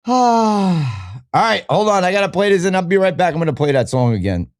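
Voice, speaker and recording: Animated, profane male podcast host. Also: high voice, moderate pace. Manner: profane, animated, thinking aloud while browsing. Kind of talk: casual ranting commentary.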